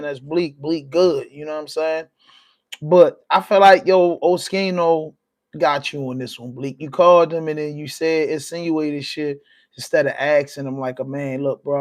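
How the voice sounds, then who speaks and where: Brief: easygoing male podcast host, slightly high voice, loose conversational commentary. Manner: laid-back, peppered with "you know what I mean". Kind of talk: casual commentary.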